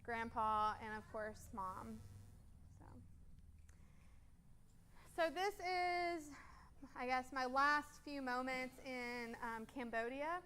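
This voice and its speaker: Young woman telling her story at church, high clear voice, lots of ums. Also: slow pace, pauses often, sharp tone. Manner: earnest, casual storytelling with frequent ums. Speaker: guest speaker. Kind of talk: personal story talk with photos.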